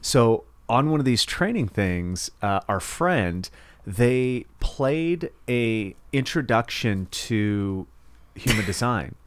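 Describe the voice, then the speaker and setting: A man's voice: medium pitch, animated, takes it slowly, smooth, dry recording. A man hosting a podcast interview, talking in a loose, chatty way, laughing often and swearing casually. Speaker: podcast host.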